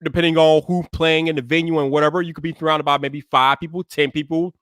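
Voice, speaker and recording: A man hosting a live stream, greeting viewers by name in relaxed slangy casual chat. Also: on the high side, fast talker, no echo, studio quality.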